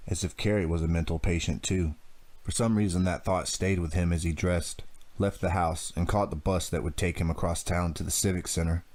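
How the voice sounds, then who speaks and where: A man reads a teen thriller aloud in a steady, measured way. His voice sits very low. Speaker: audiobook narrator. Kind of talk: scripted narration.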